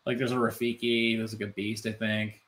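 A man co-hosting a casual podcast chat, animated and loose, full of "like" fillers and swearing. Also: lowish voice, a little fast. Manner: animated, swearing, many "like" fillers, mimics voices. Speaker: podcast co-host.

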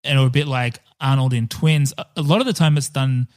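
A man's voice: medium pitch, steady tone, fairly quick. A man co-hosting a casual movie podcast, chatting in a jokey way, swearing and wandering off on tangents. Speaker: podcast co-host. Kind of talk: casual film podcast chat.

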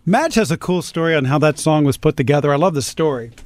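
A man's voice: fairly high pitch, lively intonation, fast talker, no echo. A man hosting a radio show, joking and chatting playfully with his co-hosts. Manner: playful, jokey. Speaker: radio host. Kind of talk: casual radio show banter.

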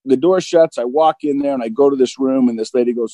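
Mid-forties male guest, mellow, dark timbre, open and self-deprecating storyteller, dry close recording. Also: medium pitch, steady tone, quick pace, hardly any pauses, no room sound, low-quality recording. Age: 40s. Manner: open and self-deprecating, acts out both sides of dialogue. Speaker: guest recounting recovery. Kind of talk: candid conversational storytelling.

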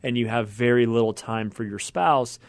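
A man's voice: medium pitch, normal speed, no room sound, clean studio sound. A man hosting a podcast, talking earnestly and thinking aloud in long, winding sentences. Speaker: podcast host. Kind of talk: conversational podcast talk.

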